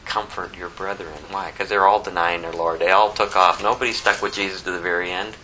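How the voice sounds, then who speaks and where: A man preaching a sermon, reading scripture aloud with animated emphasis. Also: low voice, brisk, a little hiss or hum, poor audio. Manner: animated, quotes scripture in a rising voice, prays softly. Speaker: pastor.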